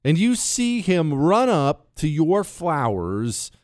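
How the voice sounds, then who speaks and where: A man hosting a political talk show, telling stories in an animated way and mimicking people in high voices. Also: slow pace, no echo, studio quality. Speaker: radio talk show host.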